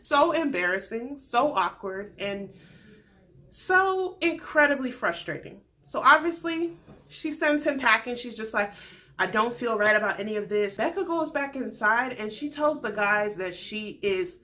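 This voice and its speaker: A young woman in her twenties giving a frank, animated casual recap of a TV show as the host of her vlog. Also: on the high side, measured pace. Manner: frank, animated storytelling with candid opinions.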